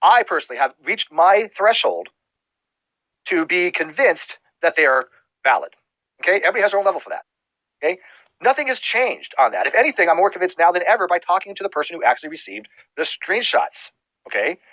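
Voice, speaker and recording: Male livestream host, high lively voice, heated and profane, rapid-fire demands. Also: dry recording, rough recording.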